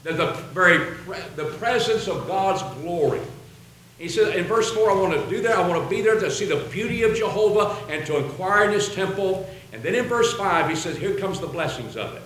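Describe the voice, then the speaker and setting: A man's voice: high-pitched, lively intonation, a little fast, fairly bright tone, slight background noise. A man preaching a sermon, reading and quoting scripture in an earnest way. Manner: earnest, quotes scripture aloud. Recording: very echoey room.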